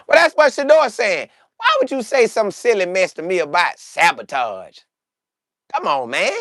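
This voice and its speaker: A man giving casual sports commentary on a channel he hosts, in an animated, joking, slangy way. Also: high voice, moderate pace, no room sound, clean studio sound.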